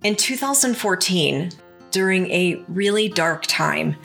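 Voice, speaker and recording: A woman's voice: on the low side, lively intonation, measured pace, creaky, a bit bright, faint music behind. A woman hosting a podcast, narrating scripted segments with asides to the listener. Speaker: podcast host.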